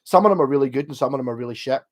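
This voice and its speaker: A man's voice: medium pitch, very fast, a little mellow. A man with a Scottish accent, tipsy from drinking, rambling and swearing heavily as he chats casually on a live stream.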